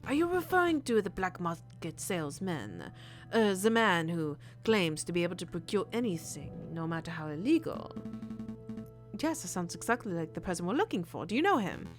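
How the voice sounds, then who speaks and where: A woman voicing a suave, polite male fox gentleman with a light French flair, reading game dialogue aloud. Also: lowish voice. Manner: smooth, polite, theatrical.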